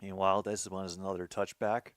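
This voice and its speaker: A man's voice: low-pitched, flat delivery, quick pace, no echo, studio quality. A man hosting his own show, reacting casually to a football game as he watches, muttering to himself.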